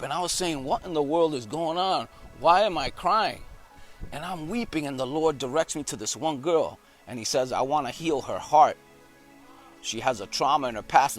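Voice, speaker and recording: A male evangelist recounts a testimony in a sermon, with emphatic storytelling that builds in intensity. His voice sits at an ordinary middle pitch. Faint music plays beneath him.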